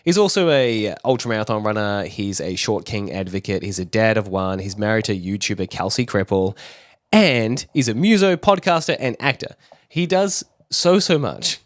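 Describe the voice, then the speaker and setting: A man's voice: lowish voice, lively intonation, moderate pace, no room sound. Male commentary YouTuber with a chatty, self-mocking, close, dry sound. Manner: chatty, self-deprecating, rambling asides. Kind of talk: casual explainer commentary.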